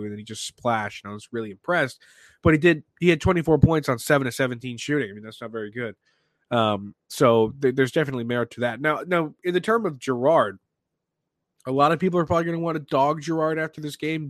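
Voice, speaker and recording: A man hosting a sports podcast, talking in an animated, excitable way with lots of restarts. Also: mid-range voice, no echo. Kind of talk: casual sports talk.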